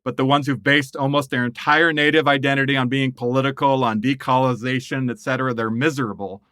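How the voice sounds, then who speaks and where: A middle-aged man from the United States tells stories with a bright edge to his voice. He is animated and laughs often, and the sound is dry and close to the mic. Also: mid-range voice, fast talker, no echo. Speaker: guest writer. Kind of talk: conversational interview storytelling.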